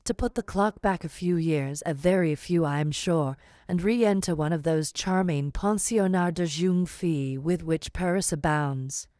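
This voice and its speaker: A woman voicing a large, scheming middle-aged man in an audiobook, unctuous and measured as he persuades. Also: on the low side, warm tone, dry recording, clean studio sound, natural voice. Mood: smooth persuasive. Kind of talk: audiobook character reading.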